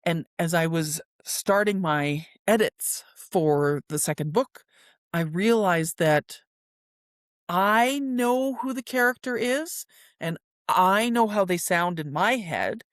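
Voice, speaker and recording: A woman's voice: fairly low pitch, lively intonation, slow, no room sound, clean studio sound. A woman hosting a solo podcast, talking casually and self-deprecatingly about her writing, with filler words and restarts. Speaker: podcast host and indie author.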